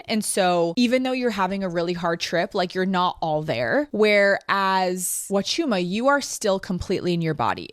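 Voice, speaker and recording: A woman's voice: on the low side, dry recording, studio quality. A young woman telling a personal story in a casual, earnest way, with lots of fillers. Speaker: podcast host.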